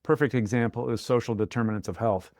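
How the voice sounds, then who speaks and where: A man appearing as a guest on an interview podcast, explaining technical points in a measured, orderly way. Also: medium pitch, a little mellow, dry recording, clean studio sound. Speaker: guest, software architect. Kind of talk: interview answers.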